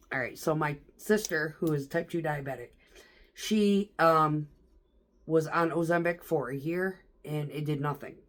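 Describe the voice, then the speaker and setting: A woman's voice: low voice, fairly bright tone. A middle-aged woman telling stories in a casual vlog, chatty and profane, laughing often. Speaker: vlogger.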